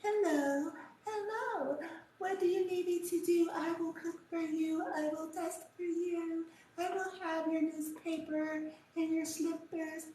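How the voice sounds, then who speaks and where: A woman voicing a fake-sweet, falsely innocent woman in a mocking sing-song falsetto. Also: steady tone, unhurried, mellow, far from the mic, slight background noise. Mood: saccharine. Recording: very echoey room.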